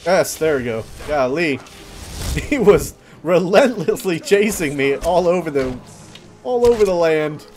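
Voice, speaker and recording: Excitable young man doing game commentary. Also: a little high, a little slow, faint music behind. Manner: excitable, yelps and laughs at surprises. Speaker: let's play host. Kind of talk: casual gameplay commentary.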